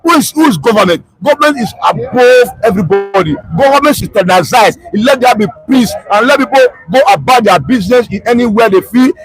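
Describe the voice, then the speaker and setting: A man's voice: very high-pitched, lively intonation, fairly quick, few pauses, faint music behind, low-quality recording. A man with a Nigerian Pidgin-tinged English accent, speaking passionately and repetitively in a street interview. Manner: impassioned, repetitive, emotional. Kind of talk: street vox pop. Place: outdoor street.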